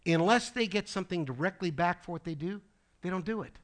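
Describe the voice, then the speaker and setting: Middle-aged male pastor, fairly high pitch, conversational sermon storyteller. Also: lively intonation, fairly quick. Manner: storytelling preacher, conversational asides like "okay?" and "folks".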